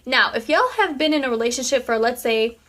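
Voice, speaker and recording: A woman's voice: fairly high pitch, expressive, a little fast, a bit bright. A young woman vlogging as she answers viewer questions in a chatty, sassy way, full of "um" and "like". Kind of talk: casual chat.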